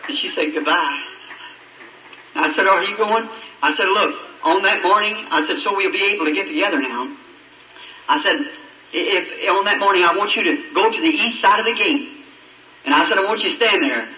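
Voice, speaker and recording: A man's voice: high voice, moderate pace, sharp tone. A man preaching an emotional testimony sermon, pleading, his voice rising and breaking. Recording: echoey archive sermon recording from far off, with faint noise.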